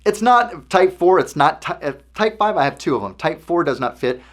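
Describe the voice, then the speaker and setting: A man hosts a casual explanatory talk in a fairly high voice with lively intonation, at normal speed. He keeps it conversational, often checking in with the listener by asking "okay?"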